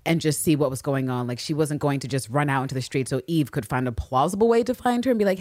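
A woman co-hosting a podcast, casually recapping a TV episode with lots of swearing and quick impressions. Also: deep voice, no echo, clean studio sound. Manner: profane, animated storytelling with quick impressions. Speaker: podcast co-host.

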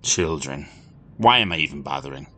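A man's voice: a bass voice, lively intonation, normal speed, sharp tone, pitched below the performer's own voice, exaggerated voice. A man reading a story, voicing an aloof, haughty stranger who talks down to children. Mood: condescending. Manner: condescending, annoyed with children. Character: haughty, aloof man in an odd little car.

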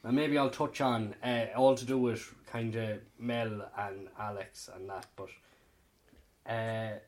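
A man's voice: lowish voice, steady tone, takes it slowly. A man, casually chatting as a podcast co-host and laughing often. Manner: laid-back, laughs often. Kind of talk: casual chat.

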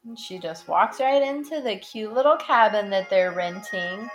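A woman's voice: mid-range voice, lively intonation, normal speed, soft background music. A woman chatting casually and teasing as she comments on a film with her sister. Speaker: podcast co-host.

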